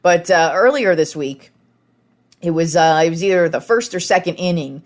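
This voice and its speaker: A woman's voice: on the low side, lively intonation, moderate pace. A young woman hosting a casual sports podcast, talking frankly and with plenty of filler words.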